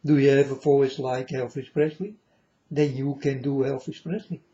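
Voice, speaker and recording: Speaking in non-standard English, this male vlogger preaches at his audience in a rambling spiritual talk, calling them folks and going over the same points again and again. He has a medium-pitched, warm voice that barely moves in pitch, at a moderate pace, and the recording is muffled.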